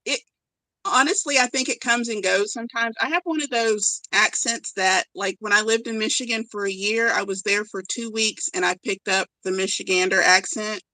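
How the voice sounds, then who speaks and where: A woman's voice: medium pitch, fairly even intonation, normal speed, pushed and bright, dry recording, rough recording. A woman with a slight Southern accent, upbeat and giggly, reading out viewer comments as co-host of a home crochet livestream. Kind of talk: casual livestream chat.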